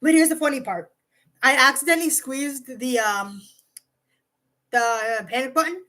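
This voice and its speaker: A woman's voice: sits high, measured pace, low-quality recording. A woman telling a rambling, profane storytime monologue to her camera, full of "like" and side tangents. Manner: rambling and profane, heavy use of "like"; animated, jumps between asides. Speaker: vlogger.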